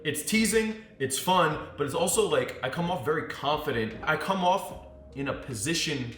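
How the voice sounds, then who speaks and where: A man's voice: fairly high pitch, moderate pace. A man coaching on dating in a casual monologue, telling stories with swearing and acting out what people said. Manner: animated storyteller who swears and acts out quotes. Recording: echoey room with faint music.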